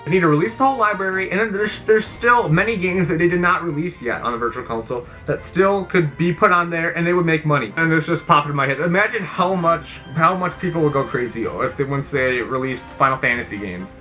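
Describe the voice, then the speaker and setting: Young man vlogging, bright voice, slightly high pitch, rambling, exasperated, faint game music behind. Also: brisk, few pauses. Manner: rambling and exasperated, with mock outrage and self-aware asides. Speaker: YouTube channel host. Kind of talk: unscripted opinion vlog. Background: background game music.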